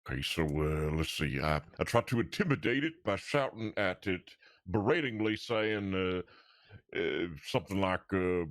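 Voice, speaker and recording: Lively low-voiced man playing a tabletop game. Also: normal speed, dry recording, studio quality. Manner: playful, animated, asks about his options. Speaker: player.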